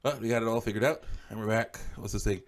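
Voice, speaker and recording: A man's voice: lowish voice, fast. A man reading comments aloud and answering them in blunt, dismissive retorts, chuckling often between remarks. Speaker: online commentator.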